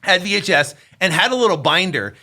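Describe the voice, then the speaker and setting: A man's voice: high voice, fairly quick. A man in his fifties, a podcast guest, telling a story in casual chat and acting out the voices of the people in it. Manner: animated, acts out voices in his stories.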